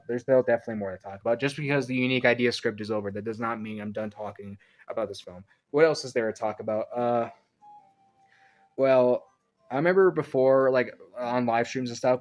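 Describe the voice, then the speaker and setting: A man's voice: mid-range voice, low-quality recording. Rambling young man reviewing casually. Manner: rambling and chatty, trailing off into tangents. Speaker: YouTube reviewer. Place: his own room at home.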